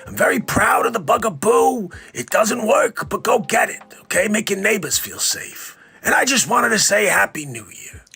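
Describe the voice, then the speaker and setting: A man doing a comedy impression of a raspy older male public-health official. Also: sits high, lively intonation, normal speed, hardly any pauses, pushed and bright, soft background music, exaggerated voice. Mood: fussy.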